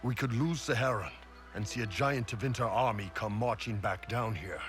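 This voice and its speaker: A man voicing a gruff, wry mercenary. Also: lowish voice, moderate pace, faint music behind, natural voice. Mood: wary. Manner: blunt, wry. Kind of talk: video game dialogue.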